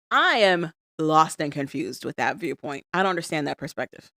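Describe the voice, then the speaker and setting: A woman co-hosting a podcast, recapping reality TV in an animated, exasperated, emphatic way. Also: low-pitched, moderate pace, hardly any pauses, no room sound, studio quality. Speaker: podcast co-host. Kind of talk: casual chat recapping reality TV.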